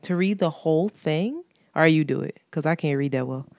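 A woman co-hosting a podcast, chatting casually, frank and giggly and quick to swear. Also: sits low, creaky, a little mellow, no echo, clean studio sound. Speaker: podcast co-host. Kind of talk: casual chat.

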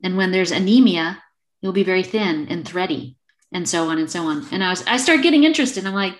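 This acupuncturist guest, a woman in her fifties, has a fairly low voice and a fairly quick delivery. In a laid-back storytelling interview over video call, she acts out the conversations she quotes.

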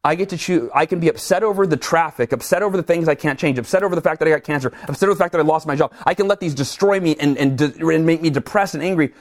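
A middle-aged man talking in an interview, energetic and animated, acting out his own reactions as he tells stories. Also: fairly high pitch, racing, hardly any pauses. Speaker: guest speaker. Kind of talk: conversational interview, storytelling.

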